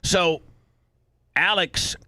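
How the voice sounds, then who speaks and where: Male radio host, blunt, animated, swears, dry studio sound. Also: sits high, very slow, dry recording. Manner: blunt, animated storytelling with profanity. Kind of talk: casual talk-show chat.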